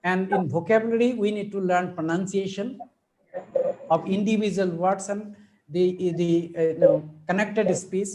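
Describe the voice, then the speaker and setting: A man's voice: high voice, fairly even intonation, moderate pace, darkish tone, a little hiss or hum, poor audio. A man with an Indian English accent giving a webinar lecture as a teacher trainer, explaining step by step and checking in often with his listeners.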